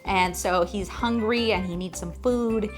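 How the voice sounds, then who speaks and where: A woman's voice: mid-range voice, unhurried, faint music behind. A woman hosting a casual book club recap, chatty with lots of fillers and some swearing. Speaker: host.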